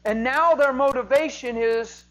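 Man preaching, from shouts to whispers. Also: very high voice, a little slow, rough recording. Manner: swings from loud, emphatic preaching to hushed whispers. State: emotional. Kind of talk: sermon.

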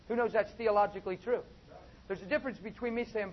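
A man preaching a sermon, swinging from soft asides to loud, drawn-out emphatic phrases. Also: high-pitched. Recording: dull, lo-fi with faint noise.

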